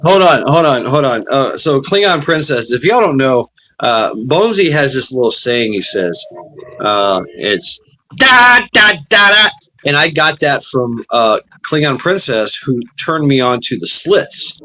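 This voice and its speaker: A man's voice: medium pitch, animated, unhurried, a bit bright, rough recording. A man hosting a casual live stream chat, joking and laughing, often repeating words as he starts a sentence. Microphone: remote call via streaming platform.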